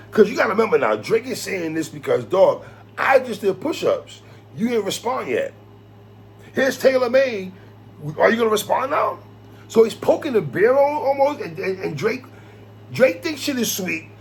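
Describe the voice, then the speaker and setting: A man hosting a hip-hop commentary vlog, talking in a slangy, animated way, laughing and quoting lyrics. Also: high-pitched, vocal fry, slight background noise. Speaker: host.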